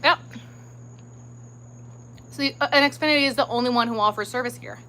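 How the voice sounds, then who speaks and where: A woman's voice: a little high, brisk, sharp tone, a little hiss or hum, rough recording. A woman hosting a crafting livestream, chatting casually and ranting in exasperation, sometimes muttering under her breath. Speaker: crochet livestream host.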